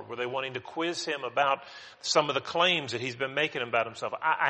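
A male pastor preaching a sermon in a church, emphatic and animated, repeating words as he builds his points. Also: a little high. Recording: long hall reverb.

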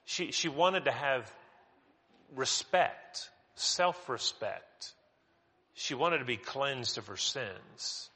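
A male pastor preaching a sermon in a church, emphatic and animated, repeating words as he builds his points. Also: medium pitch, slow pace, breathy edge. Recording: long hall reverb.

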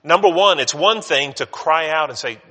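Bright-voiced preacher in a reverberant hall. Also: male voice, a little high, normal speed. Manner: conversational preaching, acts out voices of people in scripture. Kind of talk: sermon.

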